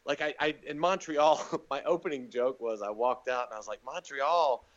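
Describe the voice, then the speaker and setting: A man's voice: brisk, dull audio. A man telling stories as a comedian guest on a podcast, casually acting out other people's lines with big jumps in his voice. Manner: animated storyteller, acts out quotes with big pitch jumps.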